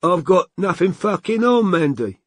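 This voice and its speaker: A man's voice: high-pitched, sing-song, moderate pace, dry recording, studio quality, voice pushed up. A man doing a sulky, mumbling young layabout. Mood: sullen. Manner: mumbling, sullen, slangy. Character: weak, sulky young man hiding under a duvet.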